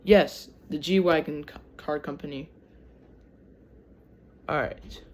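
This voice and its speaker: Taking it slowly in a mid-range voice, a Michigan-accented channel host from Michigan reads history aloud. Chatty asides interrupt the reading, and words often get stumbled over.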